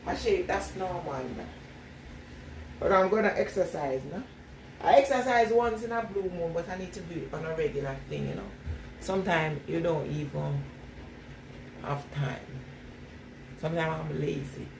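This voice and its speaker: Speaking at normal speed but pausing often, she has a lowish voice and a noticeable non-standard English accent. She's washing her hair while casually answering viewers' comments, laughing a lot and repeating her replies. A distant mic catches a little hiss or hum, and the echoey room has clear ambient sound.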